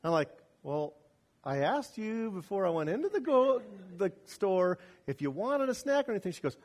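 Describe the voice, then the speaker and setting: A pastor delivering a sermon, telling a personal story with wide swings between loud emphasis and quiet asides. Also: male voice, high-pitched, very animated, normal speed.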